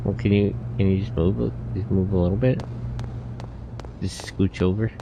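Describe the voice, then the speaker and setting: A man's voice: deep voice, fairly even intonation, fast, creaky, highs cut off, background noise. A man streaming a video game, rambling to himself in a casual, playful way about what he sees. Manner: rambling, self-talking, playful. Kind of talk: casual gameplay commentary.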